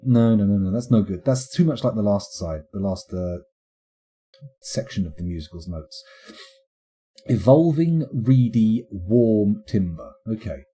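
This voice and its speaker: A man's voice: low voice, moderate pace, mellow, breathy edge. A man streaming a game live, rambling and playful as he thinks aloud.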